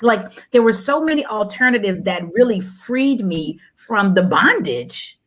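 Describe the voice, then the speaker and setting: Animated woman telling her story. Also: measured pace. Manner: animated, repeats phrases for emphasis, jumps high when quoting. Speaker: guest. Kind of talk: candid conversational storytelling.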